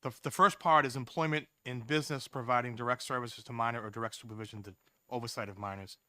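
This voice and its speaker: A man's voice: medium pitch, fairly even intonation, fast, pushed and bright, dry recording. A man on a legislative committee, methodically laying out his concern about a bill's wording. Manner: direct, methodical questioning. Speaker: committee member. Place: state house committee room.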